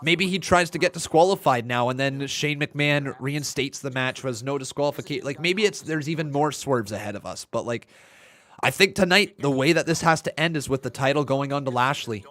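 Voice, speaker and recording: A man commentating live as a streamer, chatty and excitable, reading chat messages and breaking into loud chants. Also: mid-range voice, a little fast. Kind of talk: live watch-along commentary.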